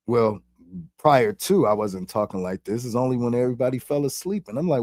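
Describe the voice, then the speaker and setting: Animated, slangy man in a dry room. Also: mid-range voice, moderate pace, no echo. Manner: rambling, profane, streetwise slang, animated. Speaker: vlogger. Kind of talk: casual spiritual monologue.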